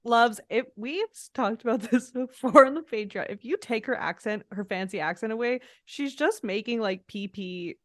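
A woman's voice: fairly high pitch, moderate pace, few pauses, dry recording. Blunt woman podcast co-host, dry sound. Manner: opinionated, blunt, swears casually. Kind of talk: casual recap chat.

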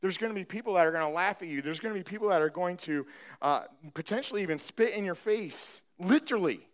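A man with a high, smooth and resonant voice preaches a sermon from the pulpit. He moves from easy, joking asides to rising, emphatic declarations, with an animated, conversational pulpit manner. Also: fast. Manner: conversational with self-deprecating humor. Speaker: pastor.

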